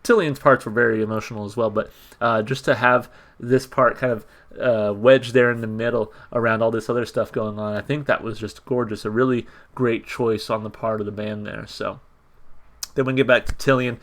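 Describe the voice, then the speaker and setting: A man with a medium-pitched voice, speaking at a moderate pace, hosts a music reaction channel and talks casually through song lyrics. He's conversational, with frequent fillers and repeats, and reads the lyrics aloud in a flat tone.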